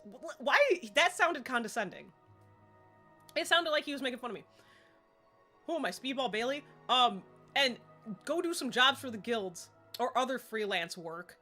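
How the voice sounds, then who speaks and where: A woman's voice: sits high, animated, a little slow, bright, forceful tone, faint music behind. A woman chatting casually while streaming a game, rambling and laughing often. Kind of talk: casual live-stream gaming chat.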